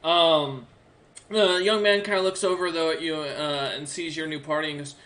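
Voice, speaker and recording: Man game master, bright and forceful tone, rambling narration. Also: a little high, fairly even intonation, moderate pace. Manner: loose, filler-heavy narration.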